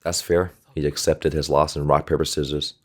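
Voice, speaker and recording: A man's voice: a bass voice, little pitch movement, moderate pace. A man, a volleyball coach, chatting casually through an anime reaction and pointing out small animation details, on a desktop microphone. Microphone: desktop USB microphone.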